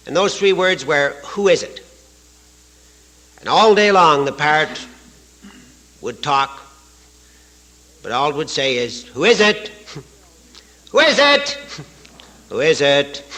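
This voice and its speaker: A man's voice: on the high side, bright, forceful tone, poor audio. A man from Canada giving a folksy, joke-filled talk at a recovery retreat, chuckling at his own stories. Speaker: AA speaker. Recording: archival live talk recording.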